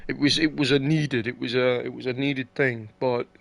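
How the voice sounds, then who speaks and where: A man's voice: mid-range voice, steady tone, normal speed, gravelly, a bit bright, no room sound. A young man hosting a casual chat, rambling and swearing, with lots of fillers and restarts.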